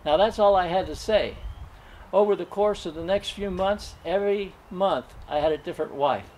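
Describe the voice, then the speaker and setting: An older man telling a personal story at an open mic, gentle and folksy, chuckling now and then. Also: high-pitched, moderate pace, slight background noise.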